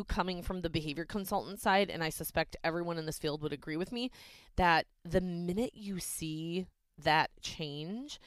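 A woman's voice: sits low, clean tone, dry recording. A woman, a dog behavior consultant hosting a podcast, talking in an earnest, chatty way with many fillers and restarts. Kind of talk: casual podcast talk.

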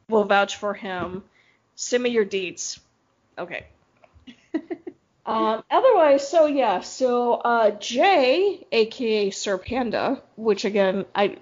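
A woman co-hosting a podcast, talking in a loose, rambling way with frequent laughter. Her voice sits on the higher side and comes through a dull, lo-fi recording. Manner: chatty and rambling, laughs often. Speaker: podcast co-host. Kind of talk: casual chat.

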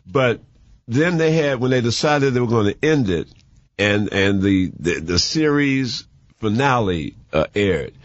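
A man chatting casually as a movie reviewer, rambling and animated, with many restarts and fillers. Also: mid-range voice, a little slow, no room sound, dull audio. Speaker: movie reviewer on a talk show. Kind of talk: casual chat.

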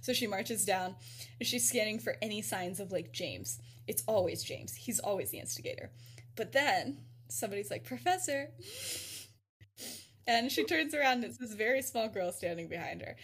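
Giggly, breathy woman storyteller. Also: mid-range voice, a little fast, fairly bright tone. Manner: giggly, many filler words. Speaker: podcast host. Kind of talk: casual storytelling.

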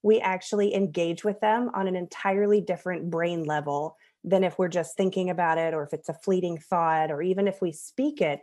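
A woman's voice: lowish voice, steady tone, a little fast, hardly any pauses, darkish tone. A woman in her thirties, a podcast guest, telling a personal story in an earnest, conversational way and laughing at herself now and then.

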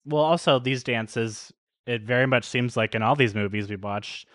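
A man trading easy banter in a podcast chat about a TV episode, laughing often. His voice sits at a middle pitch for a man. The sound is close and dry. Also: normal speed, a bit bright, no echo. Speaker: podcast co-host. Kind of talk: casual TV commentary chat.

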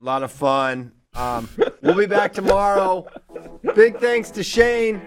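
Upbeat joking host over music. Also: male voice, high voice, very animated, takes it slowly. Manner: upbeat, joking, wraps up the show. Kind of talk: casual online show chat.

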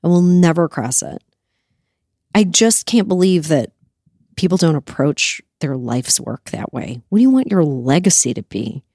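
Woman, talk host, heated, profane, animated pitch, dry studio sound. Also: normal speed, slightly rough, no echo. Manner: heated, profane, emphatic, with bursts of indignation. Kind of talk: impassioned interview answers.

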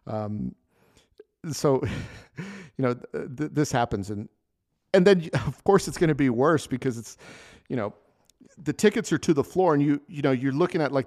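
A man's voice: mid-range voice, a little mellow. A man hosting a solo podcast, telling restaurant kitchen stories in a loose, rambling way with many restarts. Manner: rambling storytelling with frequent restarts and laughs. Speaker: podcast host, chef. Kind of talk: casual solo podcast monologue.

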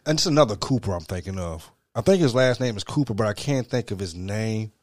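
A man's voice: lowish voice, animated, brisk, no room sound. A man co-hosting a casual podcast, rambling, stammering and laughing often, with coarse language. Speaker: podcast co-host. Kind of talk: casual banter.

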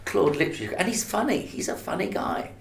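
A man's voice: high-pitched, animated, fairly quick, creaky, roomy sound, slight background noise. A man talking animatedly in an interview, remembering and putting on voices for the people in his anecdotes. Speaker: stage actor. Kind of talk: interview recollection.

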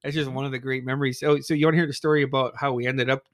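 A man's voice: medium pitch, flat delivery, very fast, a bit bright, dry recording, clean studio sound. A man telling a childhood story in casual chat, swearing freely, laughing often and acting out his friends' voices. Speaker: podcast co-host.

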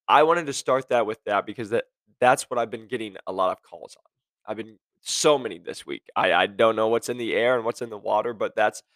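A man's voice: lowish voice, a bit bright, no room sound. A man hosting a podcast, talking in a blunt, sarcastic rant to his listeners. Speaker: podcast host. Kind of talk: casual monologue.

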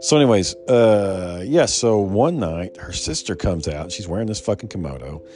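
Low-voiced man telling a profane story. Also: expressive, normal speed, darkish tone, faint music behind. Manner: profane, rambling, many restarts. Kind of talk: casual personal anecdote.

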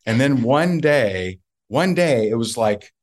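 A man's voice: mid-range voice, lively intonation, slow pace. A man being interviewed as a guest, telling a story emphatically and repeating points for effect. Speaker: guest, network marketer.

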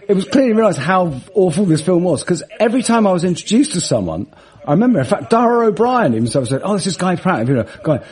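A man with a husky voice, telling funny anecdotes in casual chat and laughing mid-sentence. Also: fairly high pitch, darkish tone. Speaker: guest, comedian and musician.

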